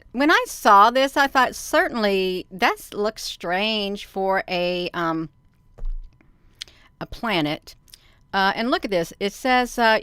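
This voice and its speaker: A woman's voice: mid-range voice, pushed and bright, clean tone, no room sound. A woman hosting a casual livestream, chatting and rambling to her viewers. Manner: chatty, rambling, addresses viewers as "you all". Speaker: livestream host.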